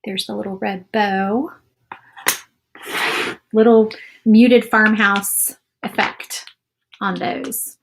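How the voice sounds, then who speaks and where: A woman's voice: mid-range voice, little pitch movement, drawn-out words, vocal fry, long pauses, a little hiss or hum. Chatty woman painting live. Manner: chatty, reads viewer comments aloud while painting. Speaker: craft video host. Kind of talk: casual live craft demo.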